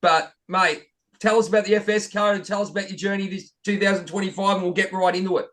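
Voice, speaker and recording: A man hosting a casual spiritual podcast over a video call, excitable and calling everyone mate. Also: high-pitched, fast talker. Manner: excitable, keeps saying "mate". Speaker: podcast host.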